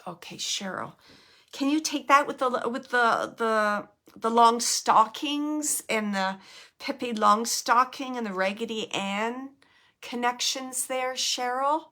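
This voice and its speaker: A woman host giving a live mediumship reading, halting and searching for words, sometimes dropping to a hushed whisper. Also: fairly high pitch. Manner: drops to a hushed whisper at times. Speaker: psychic medium.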